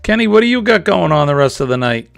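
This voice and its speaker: A man with a Boston accent hosting a live stream, chatting casually in a relaxed, drawn-out way. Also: a little high, vocal fry, no echo, faint music behind. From New England. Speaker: livestream host. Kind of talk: casual chat.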